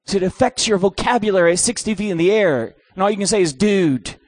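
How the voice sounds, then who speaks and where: A middle-aged man preaching a sermon, telling a comic story with animated delivery. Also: high voice, quick pace, no echo.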